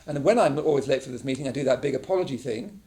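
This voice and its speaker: A meditation teacher from England talks quickly in a warm, medium-pitched voice. His mindfulness class feels casual and conversational, and he frequently checks in with the room using "yeah?".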